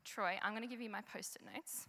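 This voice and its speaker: In a large, echoing church hall, a young adult woman leads a conversational children's segment, putting questions to the crowd. Her medium-pitched voice is steady, fairly quick, and pushed bright, captured in a live recording with long reverb.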